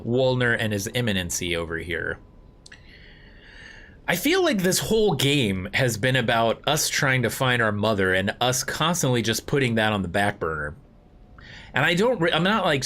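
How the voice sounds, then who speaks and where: A man's voice: mid-range voice, a bit bright. A man casually commentating a story game live, chatting with viewers and giggling at his own slips. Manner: chatty, rambling, giggly asides to chat. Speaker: streamer.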